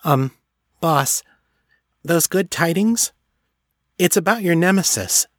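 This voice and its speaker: Guy putting on a squeaky eager elf girl servant, high and chirpy. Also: expressive, takes it slowly, dry recording, clean studio sound.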